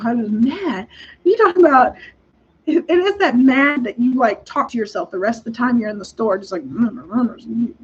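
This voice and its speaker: A young woman, hosting a casual chat and telling stories in an animated, exasperated way with frequent laughs. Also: on the high side, breathy edge. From Texas. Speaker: podcast host. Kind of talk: casual storytelling. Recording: dull lo-fi recording.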